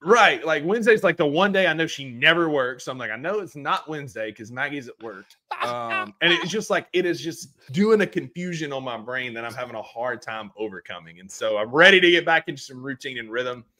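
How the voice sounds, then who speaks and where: Bright-voiced young man chatting. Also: medium pitch, fairly quick, hardly any pauses. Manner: animated storyteller, repeats "like" often. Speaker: podcast co-host. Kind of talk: casual chat.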